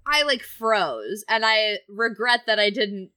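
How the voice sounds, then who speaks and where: Bright, crisp-voiced woman in her thirties. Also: medium pitch, slow. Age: 30s. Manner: candid, animated, laughs while telling stories. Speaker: podcast co-host. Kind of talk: casual film-review chat.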